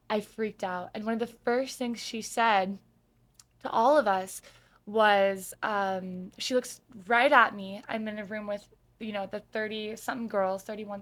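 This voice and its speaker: A woman from Arizona talks as a guest on a podcast in a chatty, effusive way. Her voice sits at an ordinary middle pitch. She laughs easily and strings her thoughts together loosely, full of fillers. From Sedona, Arizona. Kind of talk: casual interview chat.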